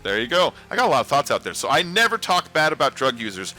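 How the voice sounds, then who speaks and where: A man's voice: medium pitch, sing-song, fast, bright, forceful tone, soft background music. A man hosting a casual livestream, rambling and talking back to his chat. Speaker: livestream host.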